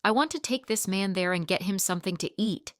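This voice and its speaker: A woman voicing a composed, kind and confident businesswoman who speaks with gentle assertiveness in a storybook reading. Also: mid-range voice, fairly quick, dry recording, studio quality, lightly acted. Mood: assertive.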